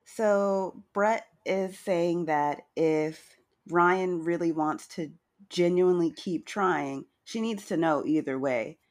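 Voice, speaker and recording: A woman co-hosting a casual recap chat, chatty and wry, with a slightly hoarse morning voice. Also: fairly low pitch, slow pace. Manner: chatty, wry, retells scenes with quoted lines. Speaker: podcast co-host recapping a reality show.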